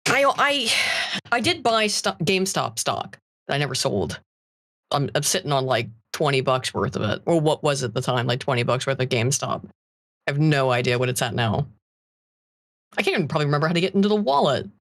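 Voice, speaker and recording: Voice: medium pitch, sing-song, a little fast, a bit bright. A guest on a livestream chatting casually, with loose, trailing speech and offhand swearing. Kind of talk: casual chat.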